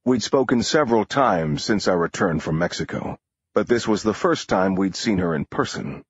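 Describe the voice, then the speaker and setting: Male thriller narrator, low husky voice, lively, muffled dry audio. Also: normal speed, dry recording. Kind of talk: first-person thriller narration.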